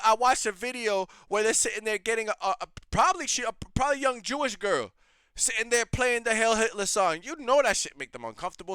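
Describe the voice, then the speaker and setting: A man's voice: sits high, sharp tone, smooth, dry recording. A man hosting a reaction show, ranting in blunt, heated, profane commentary.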